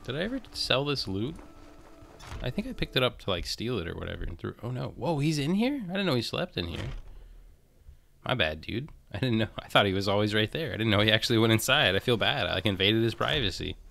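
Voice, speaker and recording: Guy rambling through his game, talks at the screen, low voice with a lot of fry. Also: sing-song, fast, bright, forceful tone, slight background noise. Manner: chatty, talks to himself and the game, frequent restarts. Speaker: let's play host. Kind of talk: casual gameplay commentary.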